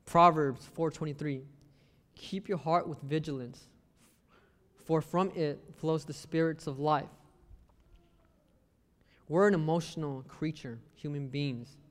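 A man's voice: on the high side, fairly even intonation, slow, long pauses. A young man giving a casual sermon, mixing scripture with joking stories about his family. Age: young adult. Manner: conversational, joking asides, acts out family quotes. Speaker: lay preacher. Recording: long reverb of a hall.

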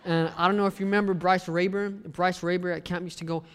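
A man preaching a sermon, telling personal stories in a lively way and acting out the voices of the people in them. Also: high-pitched, quick pace, clear, resonant tone. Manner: lively storyteller who acts out the people he quotes. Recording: long echo of a large hall.

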